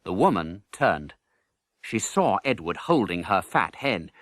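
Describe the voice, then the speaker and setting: A man reading a children's storybook aloud with expressive narration. His pitch swings widely and his tone sounds bright. The recording is dry and close. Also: unhurried, no echo. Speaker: audiobook narrator.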